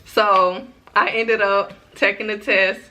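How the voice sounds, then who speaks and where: A woman in her twenties chatting through a storytime vlog, lively and talking straight to her viewers. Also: medium pitch, slow pace. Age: 20s. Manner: chatty, animated, addresses viewers directly. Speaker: vlogger.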